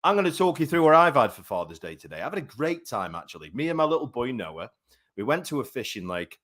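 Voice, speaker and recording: A man's voice: mid-range voice, sing-song, fast, fairly bright tone. A man in his thirties hosting a live boxing talk show, chatty and rambling with many fillers. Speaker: boxing show host and commentator.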